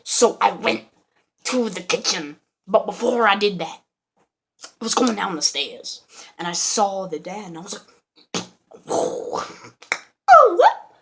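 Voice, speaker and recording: A woman's voice: medium pitch, unhurried, long pauses, a bit bright, slight background noise. A woman vlogger telling a rambling, joking made-up story with lots of slang, giggling and mumbled asides.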